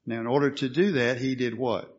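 A man's voice: medium pitch, steady tone, fairly quick, husky, dull audio. A man preaching a sermon, asking questions and answering them, with emphatic statements.

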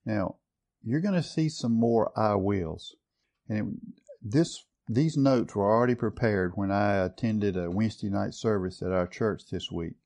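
A man's voice: fairly low pitch, unhurried, darkish tone. A man preaching a sermon earnestly, building to strong stress on key words. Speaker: pastor.

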